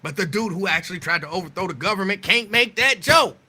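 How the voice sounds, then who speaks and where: Man, talk show host, sarcastic comedic monologue, slightly high voice, very bright and sharp tone. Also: fast talker, husky. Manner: sarcastic, animated, riffing on the news.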